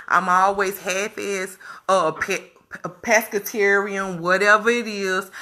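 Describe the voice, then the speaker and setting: Woman vlogger, high and piercingly bright, emphatic, repeats herself, addresses viewers directly. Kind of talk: candid talk to viewers.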